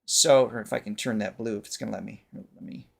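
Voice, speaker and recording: A man hosting a reaction show as a vocal coach, explaining things in a casual, animated way and laughing often. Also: lowish voice, brisk, gravelly.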